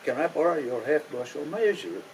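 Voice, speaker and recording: A man's voice: a little high, animated, moderate pace, a little mellow, a little hiss or hum, poor audio. A man with a Kentucky accent voicing a crafty young trickster who talks in a coy, folksy drawl. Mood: sly.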